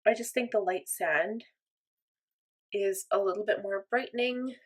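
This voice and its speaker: A woman's voice: mid-range voice, unhurried. A young woman chatting through a makeup tutorial in an upbeat, chatty, self-deprecating way. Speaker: makeup vlogger. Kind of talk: casual makeup tutorial chat.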